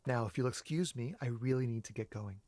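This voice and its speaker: A man's voice: mid-range voice, fairly quick, a little mellow, lightly acted. A man voicing an evasive, weary game character who is being questioned.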